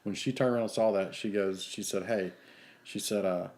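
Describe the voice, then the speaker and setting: A man's voice: lowish voice, steady tone, moderate pace, darkish tone. A man co-hosting a podcast, telling rambling anecdotes and acting out the quotes. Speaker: podcast co-host. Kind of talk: casual storytelling chat.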